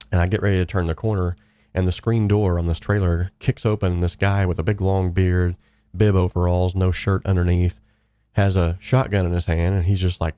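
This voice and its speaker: A man's voice: deep voice, a little mellow, no room sound. A young man hosting a casual live stream, telling stories in a rambling way with many fillers and restarts. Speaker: host. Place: home studio.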